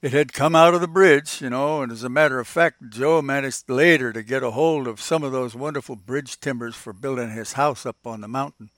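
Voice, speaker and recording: A man's voice: medium pitch, fairly quick, few pauses, a bit bright, dry recording, studio quality. An older man hosting a podcast, telling old stories in a folksy, reminiscing way and chuckling often as he goes. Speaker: podcast host. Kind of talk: casual reminiscing storytelling.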